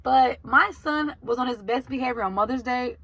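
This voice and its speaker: A woman's voice: on the high side, moderate pace, a bit bright, dry recording, poor audio. A woman, telling her viewers about her basket business in a casual vlog. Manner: talks straight to viewers, emotional, says y'all. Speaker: vlogger and basket maker.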